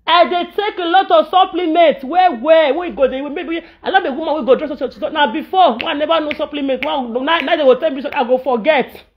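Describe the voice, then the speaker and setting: Nigerian woman ranting and pleading to camera, highish voice, dull lo-fi sound. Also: a little fast, few pauses. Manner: impassioned, pleading, mixes pidgin with chanted local-language lines. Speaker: social media personality. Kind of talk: emotional monologue to camera.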